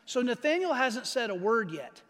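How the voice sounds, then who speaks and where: A man preaching a sermon with a strikingly high voice, his words trailing into the long reverb of a big church hall. He talks in a conversational way, slows down hard on the phrases he wants to land, and keeps asking his listeners if they follow. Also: sing-song, fairly bright tone. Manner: emphatic, slows down to stress key phrases; conversational, asks the audience questions. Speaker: pastor.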